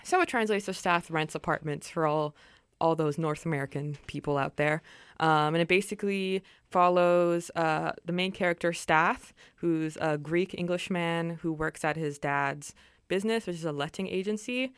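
A young woman co-hosts a college radio show, talking in a loose, rambling way full of "um" and "like". Her voice sits a little low and comes through smooth and clear. The studio mic gives a close, dry sound. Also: normal speed, no echo. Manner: chatty, rambling, many fillers. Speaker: campus radio co-host. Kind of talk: casual radio chat. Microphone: studio microphone.

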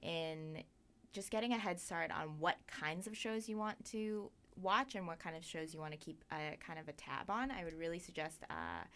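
Low-voiced woman hosting a radio chat. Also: lively intonation, moderate pace, a bit bright. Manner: rambling, many fillers. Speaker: radio arts show host.

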